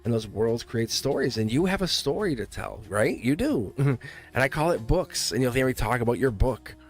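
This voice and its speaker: A man's voice: medium pitch, expressive, moderate pace, soft background music. A man hosting a casual live-stream tarot reading, rambling and restarting his sentences, often laughing as he talks. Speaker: live tarot reader and channel host.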